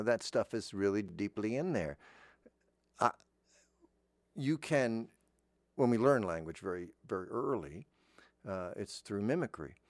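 A man's voice: deep voice, no room sound. Brief: middle-aged man hosting his own show, chatty and rambling, dry close sound. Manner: rambling, with frequent restarts and asides. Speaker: host. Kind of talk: casual monologue.

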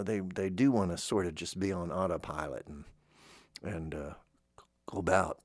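A man's voice: fairly low pitch, dry recording, clean studio sound. A man thinking aloud in a casual monologue that rambles and drifts from point to point. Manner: rambling, digressive, musing.

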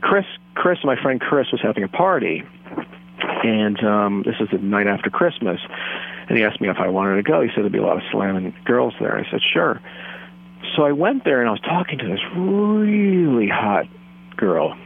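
A man in his thirties on a phone line, telling a rambling, earnest, self-deluded story in a deadpan comic way. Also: fairly low pitch, moderate pace, gravelly, slightly rough.

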